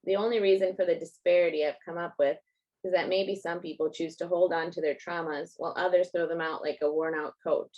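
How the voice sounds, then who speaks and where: A woman's voice: lowish voice, a little mellow, highs cut off. Woman author reading her fiction. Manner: measured, first-person narrating.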